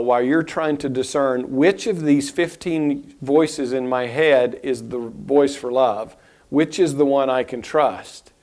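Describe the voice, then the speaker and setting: A man teaching a spiritual lesson in a reflective, unhurried way, pausing and restarting his thoughts. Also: mid-range voice.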